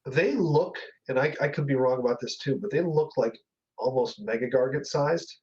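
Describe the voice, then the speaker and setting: A man's voice: mid-range voice, normal speed, a little mellow, lo-fi sound. A man co-hosting a podcast, talking casually and hesitantly with many fillers and frequent laughter. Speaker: podcast co-host. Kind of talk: casual chat.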